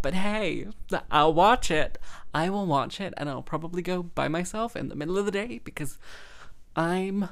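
A young woman hosting a podcast, chatting casually in a rambling, self-interrupting way and laughing often. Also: sits low. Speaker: podcast host and freelance musician.

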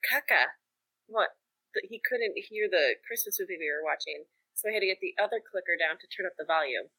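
Chatty bright-voiced young mother. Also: on the low side, quick pace, breathy edge, low-quality recording. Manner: chatty, rambling storytelling with many fillers. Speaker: mother of a toddler. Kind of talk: casual chat.

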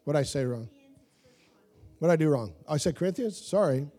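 A man preaching a sermon as pastor, telling stories with animated asides and laughs to his congregation. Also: a little high, normal speed, soft background music.

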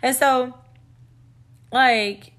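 A young woman hosting a podcast, telling a personal story in a blunt, expressive way. She swears freely and talks straight to her listeners. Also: high voice, drawn-out words. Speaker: podcast host. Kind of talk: casual storytime monologue.

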